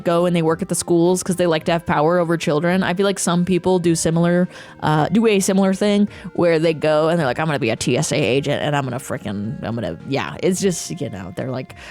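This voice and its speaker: A young woman streamer chatting casually, ranting with profanity and reading chat aloud. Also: fairly low pitch. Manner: animated, profane, quick ranting with laughs. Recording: faint music behind.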